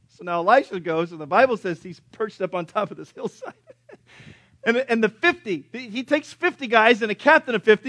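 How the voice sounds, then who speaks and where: High-voiced man preaching with animated delivery. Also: fairly quick, no echo. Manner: animated preaching with acted-out voices for biblical characters; punchy, swings between loud and soft. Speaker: pastor. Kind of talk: sermon.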